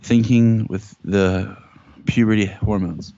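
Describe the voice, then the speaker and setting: A man's voice: fairly low pitch, fairly even intonation, slow, gravelly, mellow, slight background noise. A man co-hosting a podcast, chatting casually and joking, acting out quotes in a raised voice. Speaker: podcast co-host. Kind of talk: casual TV review chat. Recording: dull dry lo-fi audio.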